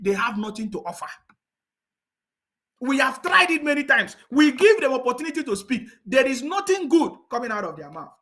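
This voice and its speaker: High-pitched guy ranting about politics, bright sharp tone, keeps laughing mockingly. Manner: scornful, insistent, with mocking laughs and repeated "are you getting me". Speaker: political commentator. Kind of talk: ranting online commentary.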